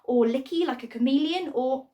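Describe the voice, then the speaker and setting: A woman's voice: moderate pace, mellow, natural voice. A woman voicing a small, shy, bluish-grey creature who is unsure of herself, speaking hesitantly in a storybook reading. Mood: earnest. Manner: hesitant, timid, high.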